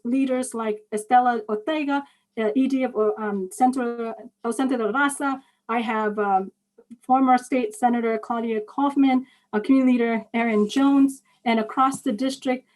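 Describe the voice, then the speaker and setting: A woman speaks as a county council candidate at a forum. Her voice sits a little high, and she strings together credentials and endorsements, stumbling over fillers as she goes. She comes through a video call. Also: rough recording. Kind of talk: campaign speech at a candidate forum.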